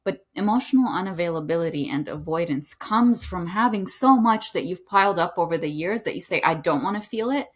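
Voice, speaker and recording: A woman author who is a guest on a podcast, speaking earnestly and gently while she stresses her key points. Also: lowish voice, expressive, brisk, hardly any pauses. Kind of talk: conversational interview.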